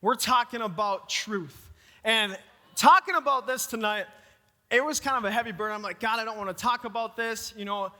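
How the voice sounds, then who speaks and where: A man with a Minnesota accent preaching a lively youth sermon and talking straight to the room. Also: high voice, moderate pace. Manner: energetic, talks to the room directly. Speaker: youth pastor. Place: church youth hall. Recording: long hall reverb.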